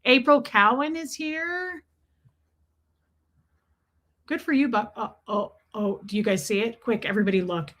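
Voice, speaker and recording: A woman's voice: on the high side, a little slow, long pauses, a bit bright. A woman hosting a casual livestream, chatting and greeting viewers by name in an affectionate way. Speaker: livestream host.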